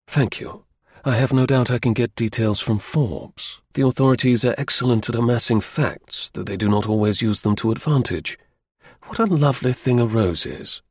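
A man's voice: medium pitch, darkish tone, husky, no room sound. Man reading as a cool, lecturing detective. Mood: measured. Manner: measured, explaining, a little dry. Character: sharp, aloof male detective, calm and lecturing.

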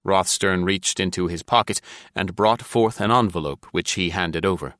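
A man narrating an adventure story in a measured, even storytelling manner. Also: deep voice, no echo, studio quality. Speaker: audiobook narrator. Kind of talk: scripted narration.

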